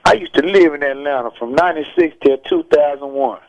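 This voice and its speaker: Man, high voice, phoning into radio, emphatic and repetitive, muffled line. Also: a little fast. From Texas. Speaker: rapper interviewed as phone-in guest. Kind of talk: heated radio call-in interview. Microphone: telephone. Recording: dull phone line from an old radio broadcast.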